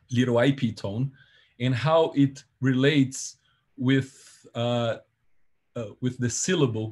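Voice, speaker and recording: A man's voice: mid-range voice, darkish tone, husky. A man presenting an academic seminar, explaining carefully with frequent fillers and self-corrections.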